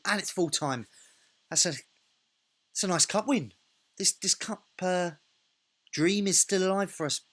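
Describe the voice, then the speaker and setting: A man's voice: mid-range voice, fairly bright tone. A man hosting a let's play, thinking aloud in a casual, self-correcting way while he narrates a football management game.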